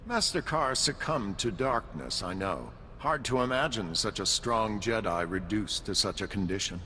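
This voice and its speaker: Game role: a dignified Jedi Master, measured and formal, bright tone, lively pitch. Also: male voice, in a large hall, slight background noise. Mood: calm. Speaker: video game character.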